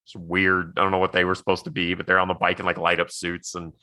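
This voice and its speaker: Low-voiced man, forceful and dry. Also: monotone, quick pace, clean tone, dry recording. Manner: rambling recaps full of "like"; laughs easily. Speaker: podcast co-host. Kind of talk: casual movie chat.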